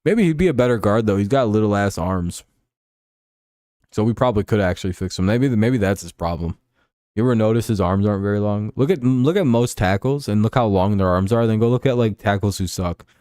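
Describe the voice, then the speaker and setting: A man's voice: on the low side, a little fast, a little mellow, clean tone, dry recording, clean studio sound. A man hosting a casual sports livestream, rambling through profane rants and reading chat. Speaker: sports show host.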